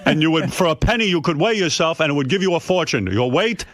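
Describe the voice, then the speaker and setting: A man's voice: a little high, lively intonation, fast talker, a bit bright, no room sound, clean studio sound, voice pushed up. A man voicing his fussy, rule-bound elderly father, speaking indignantly in a raised voice. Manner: indignant, insistent.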